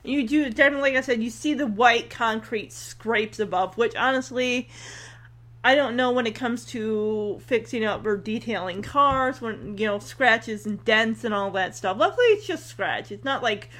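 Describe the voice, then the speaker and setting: A woman commenting casually on a TV episode, telling the story in an animated way and acting out the characters. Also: fairly high pitch, moderate pace. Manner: chatty, with many fillers and restarts. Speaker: reaction video host.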